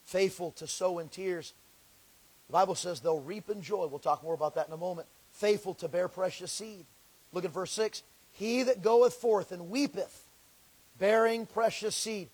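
A man preaching a sermon, reading scripture slowly and swinging between loud pleading and hushed lows. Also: breathy edge. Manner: reads scripture in slow, drawn-out delivery.

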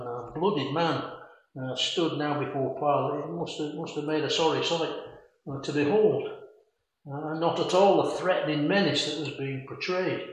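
Preacher man in a very echoey room. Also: on the high side. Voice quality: quotes scripture in old-fashioned formal phrasing. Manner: measured and reflective, with frequent "uh" fillers. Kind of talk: expository sermon on a Bible passage.

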